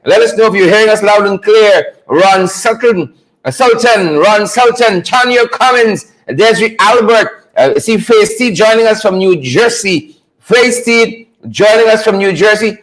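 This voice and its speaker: A man's voice: sits high, a little slow, fairly bright tone, poor audio. A man hosting a live online talk show, fired up, repeating catchphrases and greeting viewers by name.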